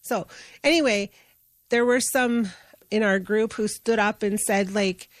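A woman's voice: mid-range voice, measured pace, no echo. A middle-aged woman from Canada, a guest telling a story in an interview in an earnest, conversational way with fillers and restarts. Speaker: guest, justice advocate.

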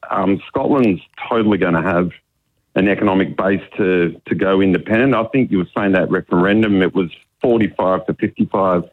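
Low-voiced male caller on a tinny phone line. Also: a little fast. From New Zealand. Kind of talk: phone-in chat.

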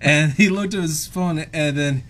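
A young man in casual chat, telling an excited story. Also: on the high side, measured pace, a little hiss or hum. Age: young adult. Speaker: panelist.

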